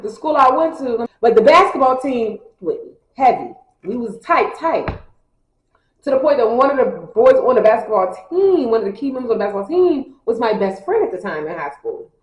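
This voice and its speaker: A young woman tells a personal story casually, slangy and animated, acting out her friends' lines. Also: a little high. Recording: echoey room.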